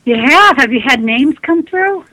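A woman's voice: high voice, animated, unhurried, bright, forceful tone, no echo, poor audio. A woman recounting her experiences earnestly as a guest on a radio interview. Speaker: guest, spiritualist medium. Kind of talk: storytelling interview.

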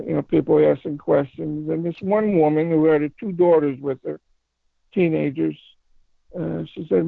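A man telling a paranormal story in a casual phone interview, rambling and halting with many restarts. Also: a little high, no room sound. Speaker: paranormal investigator guest. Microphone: phone call. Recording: tinny phone line, fry.

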